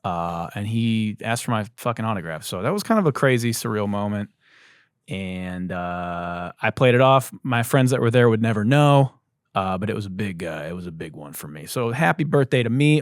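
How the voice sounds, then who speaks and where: A man's voice: lowish voice, animated, moderate pace, clean tone, no room sound, clean studio sound. A man hosting a podcast, telling stories in a loose, joking, profane style. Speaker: podcast host. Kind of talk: casual comedic monologue.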